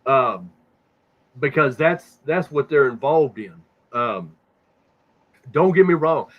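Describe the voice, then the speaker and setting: This podcast host has a medium-pitched, expressive voice and takes his time. He swears, rambles through casual conspiracy talk, and repeats words when stuck, recorded with dull, lo-fi sound.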